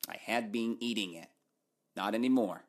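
A man's voice: on the low side, moderate pace. A man teaching through a story, asking his listeners questions and answering them himself in a playful way.

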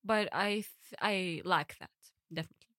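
A woman's voice: fairly low pitch, moderate pace, fairly bright tone, no room sound, studio quality. A young woman co-hosting a podcast in casual chat, talking loosely with lots of "like" and small restarts. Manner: chatty, hedges with "like". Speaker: podcast co-host.

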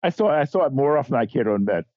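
A man's voice: medium pitch, lively intonation, racing, no echo, muffled recording. A man appearing as a guest journalist, talking bluntly in a casual political chat, often restarting his sentences.

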